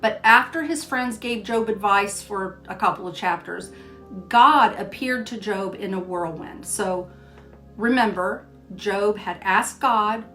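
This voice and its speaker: An older woman hosting a Christian devotional show, telling a personal story in a gentle way and reading scripture aloud. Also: mid-range voice, a little slow, faint music behind. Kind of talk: devotional storytelling and Bible teaching.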